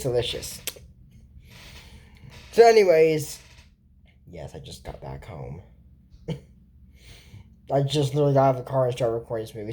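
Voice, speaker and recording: A woman's voice: rumbling low, warm tone. A woman hosting a casual video at home, recapping a cartoon episode in a rambling way with many fillers and restarts.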